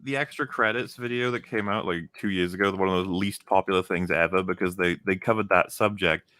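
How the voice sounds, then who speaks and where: A man with a lowish voice talks casually on a podcast panel, meandering through his points with plenty of fillers. The recording is dry and close. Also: a little fast, bright, forceful tone, dry recording. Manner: rambling, hesitant with many fillers. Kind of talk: casual chat.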